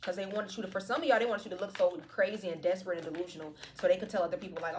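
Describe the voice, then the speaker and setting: Woman tarot reader, casual, cussing and joking, talks fast. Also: mid-range voice, a little mellow, a little hiss or hum. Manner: slangy, profane, playful. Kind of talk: casual tarot reading to viewers.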